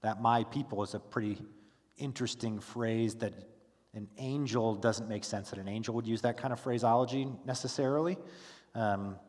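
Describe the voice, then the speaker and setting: A man teaching a Bible study class in a relaxed, conversational way, full of fillers and restarts, who stops to ask his class questions. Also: mid-range voice, moderate pace, long reverb tail. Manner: casual, with frequent fillers and restarts. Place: church classroom.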